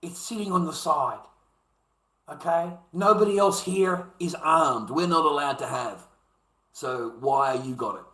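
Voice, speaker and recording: A man's voice: a little high, a little slow, bright, forceful tone, roomy sound, low-quality recording. Ranting, swearing Australian man. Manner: profane, heated, repetitive. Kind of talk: ranting monologue to camera.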